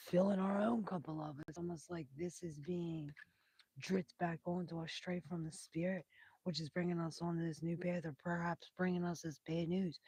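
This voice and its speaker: Breathy, whispery woman reading tarot. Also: fairly low pitch, no echo. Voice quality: breathy, whispery, hoarse-edged voice. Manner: soft-spoken, meandering, drifts into whispers. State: voice damaged after intubation. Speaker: tarot reader. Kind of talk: live-streamed tarot reading, chatting with viewers.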